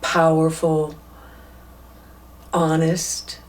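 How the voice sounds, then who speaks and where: A woman giving a personal tribute in a measured, deliberate way. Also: low voice, completely flat delivery. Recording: distant mic.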